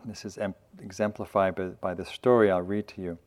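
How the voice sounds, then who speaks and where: A man teaching at a meditation retreat, speaking in a gentle, loose, conversational way with light self-mocking humor. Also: low-pitched, steady tone, a little fast. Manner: loose, with frequent fillers and restarts. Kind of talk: dharma talk at a meditation retreat.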